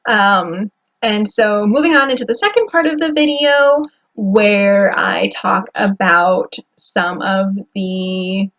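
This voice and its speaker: A young American woman talking casually to the camera about her days, rambling with fillers and restarts. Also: medium pitch. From United States. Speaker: vlogger. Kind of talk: casual vlog talk to camera. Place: indoor room at home. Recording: slightly dull lo-fi audio.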